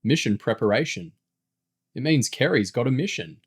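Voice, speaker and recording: A man's voice: medium pitch, sing-song, moderate pace, breathy edge. A man reading a story aloud, voicing a cocky teenage boy who teases his friends and gets defensive about his deals. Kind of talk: audiobook character voice.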